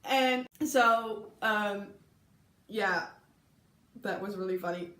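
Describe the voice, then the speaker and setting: A woman's voice: medium pitch, takes it slowly, a bit bright. A young woman from the Netherlands with a Dutch accent, casually telling funny stories from her exchange year, chatty and giggly with many ums. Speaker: vlogger recalling an exchange year. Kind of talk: casual storytelling to camera. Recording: echoey room.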